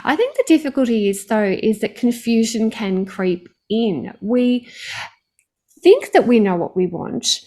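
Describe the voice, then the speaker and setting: A woman's voice: on the high side, lively intonation, measured pace, warm tone. Reflective woman hosting an interview. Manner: reflective, articulate questioning. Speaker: podcast host. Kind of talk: interview conversation.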